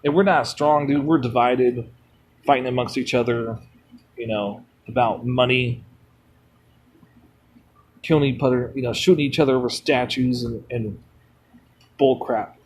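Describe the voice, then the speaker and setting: A man's voice: medium pitch, fairly even intonation, unhurried, pauses often, darkish tone, slightly rough. A man streaming a mobile game, rambling bluntly between chat replies and swearing freely. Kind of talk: rambling casual chat while gaming.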